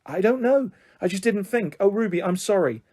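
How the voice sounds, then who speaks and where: Man voicing a tender young girl, pleading, high and lively, soft mellow tone. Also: normal speed. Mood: tearful. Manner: pleading, tearful. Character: shy, tender-hearted young girl, twin sister.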